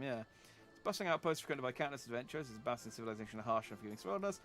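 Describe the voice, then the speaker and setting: A man's voice: mid-range voice, animated, very fast, a bit bright. A playful, theatrical male streamer chats and jokes while he plays a game. His voice rises and falls a lot, and faint music plays behind him. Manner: playful, theatrical, self-mocking. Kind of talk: casual game commentary with character voices.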